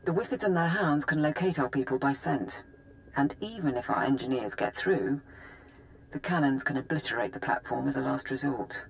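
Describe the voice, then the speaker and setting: Brisk, low-voiced female officer. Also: slight background noise. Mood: briefing. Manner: crisp, businesslike briefing.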